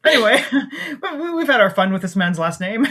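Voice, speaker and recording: A Canadian woman co-hosting a podcast in casual chat, playful and quick to laugh. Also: fairly high pitch, very animated, pushed and bright. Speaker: podcast co-host.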